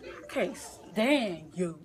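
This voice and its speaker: A woman's voice: lowish voice, expressive, drawn-out words, faint music behind. A woman playing a video game with a partner, bantering in casual chat and trading teasing comebacks with frequent laughter. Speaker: gameplay co-host.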